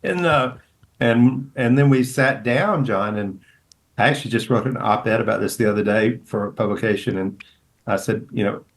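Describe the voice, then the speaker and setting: A man's voice: fairly even intonation, moderate pace, poor audio. A middle-aged man, a pastor and author, telling stories as a podcast guest, rambling with many restarts. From American South. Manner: rambling, full of restarts, acts out quotes in a higher voice. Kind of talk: storytelling interview.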